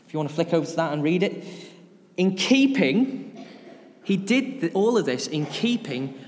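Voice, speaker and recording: A man's voice: a little high, expressive, fast talker, a little mellow, big-room sound. A man preaching an informal sermon in a church, chatty and often putting questions to the congregation.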